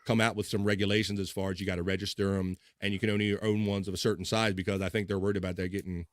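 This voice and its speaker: A man's voice: low voice, flat delivery, very fast, dry recording. A man hosting a casual livestream, chatting loosely, swearing and laughing as he reads comments. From Baltimore. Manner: loose, profane, laughs often. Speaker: livestream host. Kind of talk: casual chat reading live comments.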